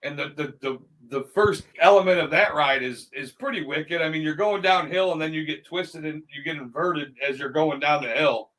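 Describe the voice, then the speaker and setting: A man's voice: on the high side, moderate pace, few pauses, low-quality recording. A middle-aged man in casual chat, telling stories with swearing and frequent laughter. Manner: animated storyteller, swears, laughs often.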